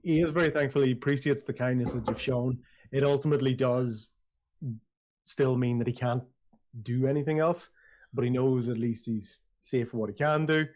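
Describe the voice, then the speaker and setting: Narrating as dungeon master of a tabletop game, this man talks in a chatty, rambling style and keeps restarting sentences. His medium-pitched, slightly mellow voice has fairly even intonation and normal speed, and the lo-fi recording sounds a little dull.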